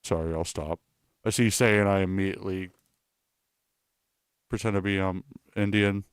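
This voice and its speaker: A man's voice: low voice, fairly even intonation, normal speed, clear, resonant tone, no room sound, clean studio sound. A man streaming live in a casual, rambling way, reading and answering chat with self-mocking asides.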